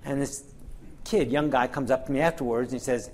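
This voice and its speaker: A middle-aged man delivers a medical lecture in a mid-pitched, everyday voice. He talks candidly and wryly, leaning on fillers like "you know" and "um" and circling back to restart his phrases. His tone is that of an experienced clinician telling stories to an audience. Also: fairly even intonation, brisk, a little mellow. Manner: candid, wry storytelling with frequent fillers. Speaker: physician and pain researcher.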